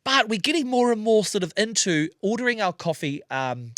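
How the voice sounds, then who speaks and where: A man co-hosting a casual podcast, playful and quick to laugh. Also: sits high, big pitch swings, fairly bright tone, no echo, clean studio sound. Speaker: podcast co-host. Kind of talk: casual chat.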